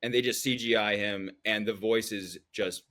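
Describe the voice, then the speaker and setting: Bright-voiced man ranting as host. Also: on the low side, fairly even intonation, normal speed. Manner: heated, ranting critique. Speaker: podcast host. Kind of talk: casual chat.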